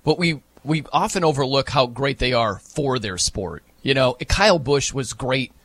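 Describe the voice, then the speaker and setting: A man hosting casual sports talk, animated, often laughing and jumping higher for emphasis. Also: normal speed.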